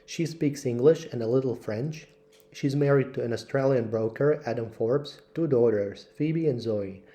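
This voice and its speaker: A man reading English textbook passages aloud for learners, slowly and carefully. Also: mid-range voice, dark tone. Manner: slow, careful read-aloud delivery. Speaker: English teacher.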